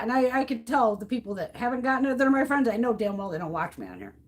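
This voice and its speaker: This middle-aged American beauty livestream host talks fast with few pauses, in a sing-song voice on the high side. She depots makeup while chatting casually, breaking into blunt rants loaded with swearing.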